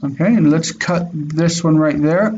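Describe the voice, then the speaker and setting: Slow, patient male Hebrew teacher. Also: a little high, a little mellow, breathy edge, dull audio. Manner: patient, drills pronunciation, repeats words. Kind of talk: slow online class teaching.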